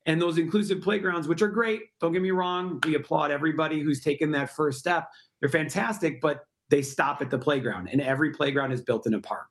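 A middle-aged man answering interview questions at length, earnest and persuasive. His voice sits a touch high for a man, and he builds his points with steady conviction. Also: a little fast. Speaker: guest, park project founder.

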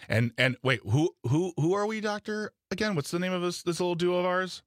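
A man's voice: sits high, fairly quick, no room sound, clean studio sound. A man in his thirties co-hosting a morning radio show, joking and self-deprecating, often restarting his sentences. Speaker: radio co-host. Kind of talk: casual morning radio chat. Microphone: studio microphone.

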